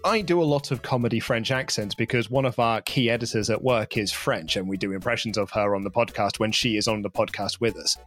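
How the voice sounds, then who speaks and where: A man's voice: fairly low pitch, a little fast, hardly any pauses, a bit bright. A man co-hosting a podcast, chatting casually and rambling with playful asides. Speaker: podcast co-host.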